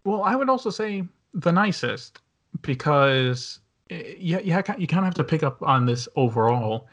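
A man's voice: a little high, sing-song, normal speed, a bit bright. A man hosting a casual movie review podcast, talking in a rambling way with many fillers and restarts. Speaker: podcast host.

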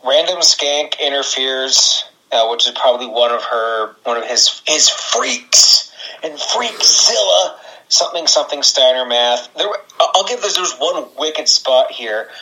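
A man's voice: medium pitch, normal speed, hardly any pauses, sharp tone, rough recording. A man co-hosting a casual podcast, rambling and sarcastic, swearing and laughing as he talks. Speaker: podcast co-host. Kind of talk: casual wrestling podcast chat.

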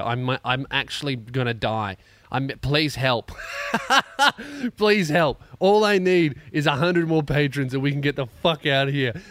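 A man's voice: mid-range voice, fairly bright tone, no room sound. An Australian man hosting a comedy podcast, ranting sarcastically with lots of swearing while in pain from a neck injury. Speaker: podcast host.

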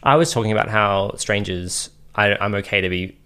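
A man's voice: on the low side, normal speed, sharp tone, smooth. A man with an Australian accent co-hosting a casual podcast chat, rambling and laid-back with lots of fillers. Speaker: podcast co-host.

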